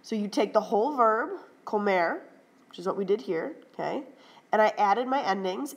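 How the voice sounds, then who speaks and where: Brisk woman teaching a grammar lesson. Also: mid-range voice, animated, rough recording. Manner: brisk, firm, repeats "right?" and "okay?". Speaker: Spanish teacher. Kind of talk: classroom lecture over slides.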